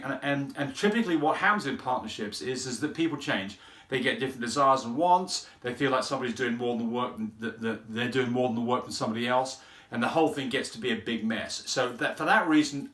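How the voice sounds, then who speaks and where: Speaking at a quick pace in a fairly bright, medium-pitched voice, a man who breeds French Bulldogs explains things casually to camera. He rambles and repeats words as he thinks, and the room gives the recording an echo.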